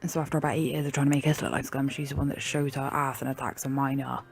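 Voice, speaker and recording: A woman's voice: extremely low pitch, flat delivery, very fast, creaky. A woman telling a true story to viewers in a brash, sweary, mocking way. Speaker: story narrator.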